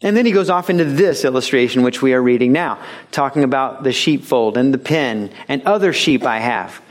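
A male pastor delivers a sermon in an animated, joking manner, sometimes doing voices for the people he quotes. His pitch sits in the middle range and his pace is brisk.

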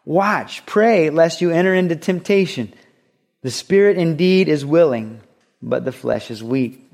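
A man's voice: on the high side, expressive, measured pace, gravelly, darkish tone, voice pushed up. A man putting on an exasperated teacher's scolding voice. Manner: emphatic, raised, incredulous. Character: exasperated teacher chiding sleepy followers.

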